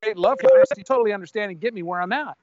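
A man's voice: sits high, huge pitch swings, rapid-fire, a little mellow, dry recording. An older man preaching a sermon, speaking bluntly and conversationally between scripture readings. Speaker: pastor. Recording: dull lo-fi dry sound.

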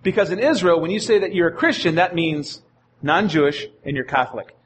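A man's voice: fairly high pitch, lively intonation, a little fast, a little hiss or hum. A male pastor preaching a sermon in an earnest manner, often repeating his phrases.

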